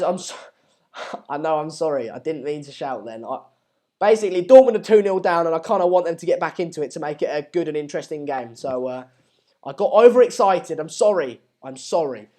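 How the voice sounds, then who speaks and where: Young man, fairly high voice, stream host, casual chat, halting delivery. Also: a little mellow. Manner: hesitant, rambling, many fillers and restarts. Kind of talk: casual live-stream chat reading viewer comments.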